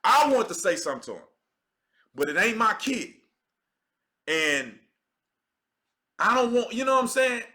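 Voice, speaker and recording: Thirties man, livestream host. High, bright voice, emphatic and conversational. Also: sing-song, unhurried, long pauses. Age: 30s. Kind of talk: casual livestream commentary.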